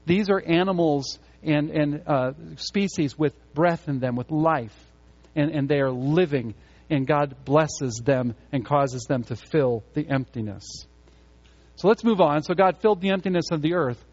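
A man's voice: a little high, measured pace, darkish tone. A man preaching a sermon with emphasis, repeating key phrases to drive them home. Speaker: pastor. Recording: muffled lo-fi sound.

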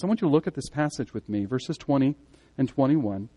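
A man giving a sermon as pastor, speaking conversationally and swinging between loud emphatic moments and quiet earnest ones. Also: medium pitch, expressive, brisk, breathy edge. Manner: conversational preaching, rising and falling in emphasis.

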